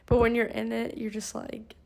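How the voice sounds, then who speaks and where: A young woman in casual chat, excitable and quick to laugh, using slang. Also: a little high, vocal fry.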